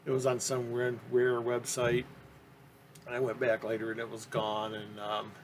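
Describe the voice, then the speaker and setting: A man's voice: mid-range voice, completely flat delivery, normal speed, slight background noise. Rambling, enthusiastic man collector. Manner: rambling, with many ums and restarts. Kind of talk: casual interview talk.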